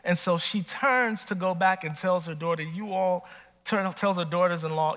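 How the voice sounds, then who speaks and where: Man, pastor, lively sermon, bright tense voice, echoing church hall. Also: sits high, normal speed. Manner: animated preacher, swings from soft to shouting. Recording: long hall reverb.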